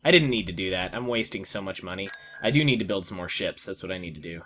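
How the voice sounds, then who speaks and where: A man's voice: deep voice, animated, quick pace, a bit bright, a little hiss or hum. A man giving casual gameplay commentary, talking to the game with exasperated outbursts. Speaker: let's play gamer.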